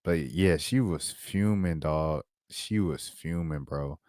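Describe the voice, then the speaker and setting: A man's voice: rumbling low, slow, darkish tone, no room sound, clean studio sound. A man hosting a casual basketball commentary stream, slangy and laid-back, pulling up clips as he talks. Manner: slangy, laid-back, says bro and dog often; multitasking, pulling up clips while talking. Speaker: sports commentary host.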